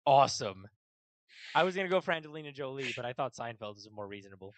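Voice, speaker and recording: A man's voice: mid-range voice, animated, quick pace, no room sound. A young man co-hosting a casual podcast who laughs a lot, teases his friend and steers the talk back to the news. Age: 20s. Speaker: podcast co-host. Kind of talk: casual chat.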